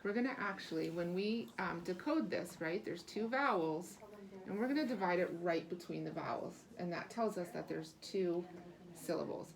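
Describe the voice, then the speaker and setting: A woman's voice: lowish voice, expressive, moderate pace, creaky. A woman reading teacher leading a small-group lesson, encouraging and lavish with praise, asking patient questions and explaining step by step.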